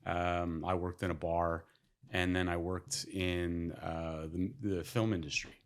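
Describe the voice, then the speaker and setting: A man from Canada, a podcast guest, telling stories in a loose, animated way with lots of laughing and swearing. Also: deep voice, measured pace, smooth. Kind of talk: casual podcast storytelling.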